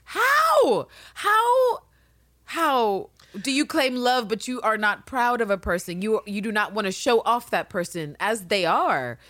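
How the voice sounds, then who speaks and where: A woman co-hosting a podcast in a casual recap chat, animated and profane, acting out characters' lines. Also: mid-range voice, moderate pace, few pauses, no room sound, studio quality. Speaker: podcast co-host.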